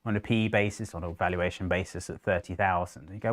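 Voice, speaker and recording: Guy co-hosting a live trading show, deep-ish voice, animated. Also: quick pace. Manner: animated, acts out investors' inner voices. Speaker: co-host. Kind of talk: live market commentary.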